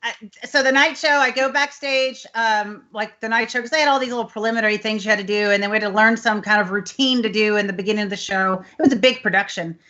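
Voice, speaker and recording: A woman's voice: medium pitch, steady tone, fast, hardly any pauses, sharp tone. A woman in her fifties from Texas, hosting a chat show and telling a long, rambling personal story. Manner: rambling storyteller, many fillers like "anyways". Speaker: host. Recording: slightly muffled online call audio.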